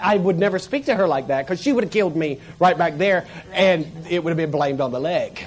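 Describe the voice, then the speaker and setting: A man tells a story from his own life, full of energy and quick laughter, slipping into the voices of the people in it. His voice sits a little higher than most men's. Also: lively intonation. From Florida panhandle, USA. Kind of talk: personal storytelling.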